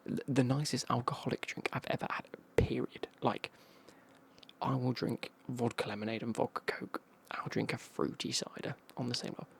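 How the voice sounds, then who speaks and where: Husky whispering English man telling stories. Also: mid-range voice, flat delivery, moderate pace. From England. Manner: chatty, casual anecdote telling with slang. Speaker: ASMR creator. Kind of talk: whispered ASMR storytelling.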